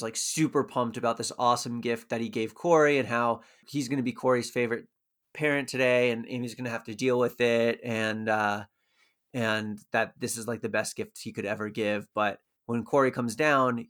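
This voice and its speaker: A man's voice: mid-range voice, a bit bright. A man co-hosting a podcast, casually and analytically talking through a TV episode with frequent fillers. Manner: thoughtful, analytical, uses many fillers. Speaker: podcast co-host. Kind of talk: casual chat recapping a TV show.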